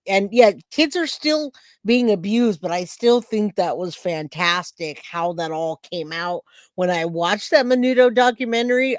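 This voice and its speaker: A woman's voice: mid-range voice, no echo. A woman from California hosting a casual live stream, chatting to her viewers by name and commenting on a case. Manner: chatty, talks to chat by name. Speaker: true crime streamer host.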